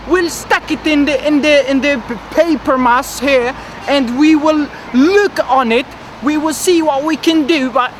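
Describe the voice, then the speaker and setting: A man plays a young man putting on a put-on to play a poor migrant. He is aggrieved, rambling and pleading, and his voice sits high. Traffic rumbles loudly around him outdoors. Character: naive, boastful young man pretending to be a poor Irish migrant.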